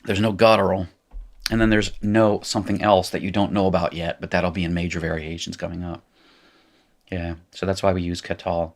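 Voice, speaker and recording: A man with an Appalachian accent from North Carolina, teaching a recorded lesson in a relaxed way that corrects itself as he goes. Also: deep voice, a little fast. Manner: casual, self-correcting explainer who laughs at his slips. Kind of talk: recorded lecture.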